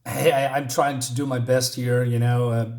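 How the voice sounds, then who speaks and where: A man's voice: medium pitch, flat delivery, moderate pace, darkish tone, close to an everyday voice. A man reading out the lines of a guarded teenage boy, new at school, who hurries to brush people off. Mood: defensive.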